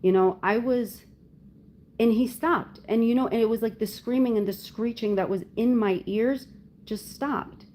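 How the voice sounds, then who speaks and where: A woman's voice: a little high, unhurried, darkish tone, slight background noise. A young adult woman hosting a casual live chat, telling a long personal story in a loose, rambling way full of "like" fillers. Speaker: livestream host talking with viewers.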